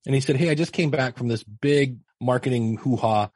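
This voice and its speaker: A husky middle-aged man recounts his early days on a podcast, chatty and self-mocking. He slips into animated voices for the people he quotes. The sound is dry and close. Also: mid-range voice, a little fast, no echo. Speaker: podcast guest and teacher. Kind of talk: casual storytelling interview.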